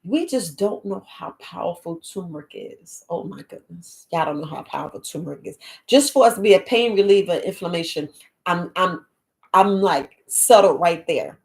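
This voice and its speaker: Woman host, casual, rambling, animated live-stream talk into a close webcam. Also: fairly low pitch, normal speed, gravelly. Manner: rambling, chatty, animated, talks straight to viewers as family. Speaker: herbalist host of a live podcast.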